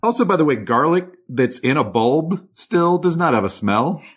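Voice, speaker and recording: A man's voice: a little high, big pitch swings, normal speed, breathy edge. A man co-hosting a casual podcast about a film, wry and often laughing. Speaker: podcast co-host. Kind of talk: casual movie chat.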